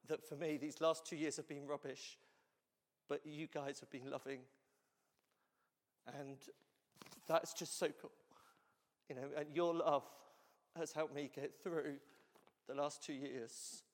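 A man's voice: fairly high pitch, steady tone, slow, long pauses, a bit bright. A man pastor giving a conversational sermon to his congregation, often saying "you know" and "so cool". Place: church hall. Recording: long hall reverb.

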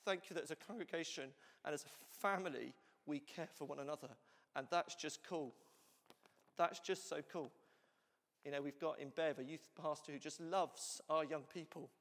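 A man's voice: a little high, moderate pace, a bit bright. A man pastor giving a conversational sermon to his congregation, often saying "you know" and "so cool". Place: church hall. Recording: long hall reverb.

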